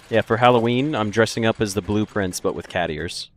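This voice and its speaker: A man's voice: lowish voice, fairly quick. A man streaming a puzzle game, chatting casually and joking with his viewers. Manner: joking, chatty, laughs often. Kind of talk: casual gaming commentary.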